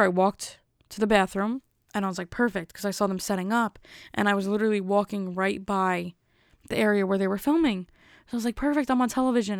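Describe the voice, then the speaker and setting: A young woman tells a story in a loose, rambling way, peppering it with fillers and sounding exasperated. Her voice has a gravelly fry to it. The sound is dry and close, with no room around it. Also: mid-range voice, no echo. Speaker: vlogger. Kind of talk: casual storytelling.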